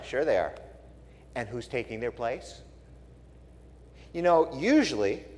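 Blunt, wry pastor with an animated delivery. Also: male voice, medium pitch. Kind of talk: sermon. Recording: long reverb in a large hall.

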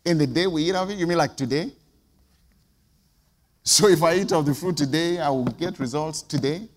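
A man preaching a sermon, firing off rhetorical questions and swinging between loud outbursts and quiet asides. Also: fairly high pitch, moderate pace, long reverb tail, slight background noise.

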